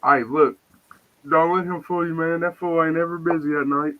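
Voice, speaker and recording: A man's voice: on the high side, fairly even intonation, normal speed, phone-quality sound. A man talking in casual, profane, joking banter as a guest on a live podcast stream.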